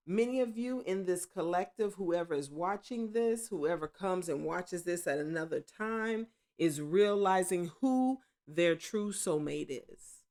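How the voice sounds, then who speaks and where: A woman giving a casual tarot reading at home, rambling and correcting herself, with excited exclamations. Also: fairly low pitch, unhurried, few pauses. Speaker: tarot reader.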